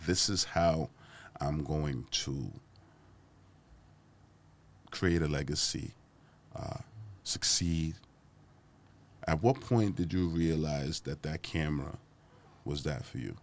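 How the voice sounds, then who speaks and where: A man's voice: rumbling low, takes it slowly, long pauses. A man hosting a casual interview, who laughs often and repeats words as he asks questions. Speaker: host.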